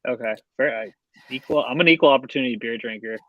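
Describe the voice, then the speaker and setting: A man's voice: mid-range voice, fast talker, dry recording. Guy rambling about bets, lots of ums, kinda muffled dry sound. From Seattle area. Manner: rambling, many fillers and restarts. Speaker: betting podcast co-host. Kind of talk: casual chat.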